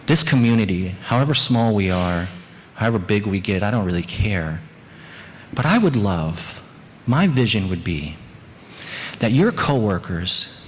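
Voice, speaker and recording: A man preaching a sermon as pastor of a small church, earnest and candid with joking asides. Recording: long church reverb, faint rumble.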